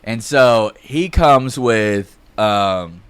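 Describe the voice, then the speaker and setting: A man's voice: on the low side, lively intonation, very slow, a bit bright, clear, resonant tone, dry recording. A young man telling a casual, rambling story on a podcast, full of fillers and swearing. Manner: rambling, heavy fillers and profanity.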